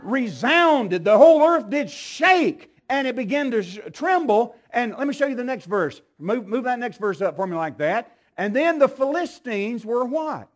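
Pastor guy preaching, high voice, goes from slow and low to shouting out. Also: sing-song. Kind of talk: sermon.

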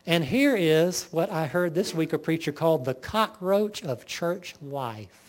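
A man preaching a sermon, firing off lists and rhetorical questions to his congregation. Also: fairly high pitch. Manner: lively preaching, lists sins in rapid bursts, rhetorical questions. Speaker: pastor.

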